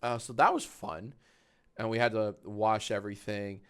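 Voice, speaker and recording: A man in his thirties chatting casually on a live stream from a small home office, animated and swearing freely. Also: fairly low pitch, normal speed, smooth. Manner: animated, swearing, baby talk to his dog.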